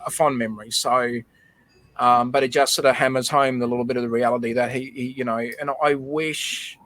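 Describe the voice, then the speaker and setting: A man chatting casually on a livestream, his voice set in an ordinary middle pitch. He tells a heartfelt family story and stumbles over repeated words as he goes. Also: fairly even intonation, a little fast, a bit bright, faint music behind. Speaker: livestream host. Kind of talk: casual chat.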